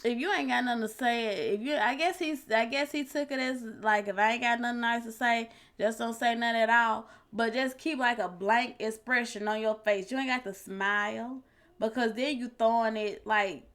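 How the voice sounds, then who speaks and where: A woman's voice: fairly high pitch, moderate pace, a bit bright. Blunt exasperated woman reacting to news. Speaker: reaction streamer. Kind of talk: casual commentary.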